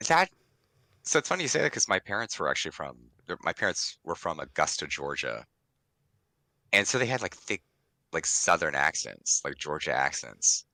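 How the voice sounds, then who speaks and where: A man's voice: a bass voice, very animated, moderate pace, bright, forceful tone, dry recording, low-quality recording. A man from Washington, D.C. co-hosting a casual podcast, telling stories with lots of fillers. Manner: chatty storyteller, many fillers. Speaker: podcast co-host.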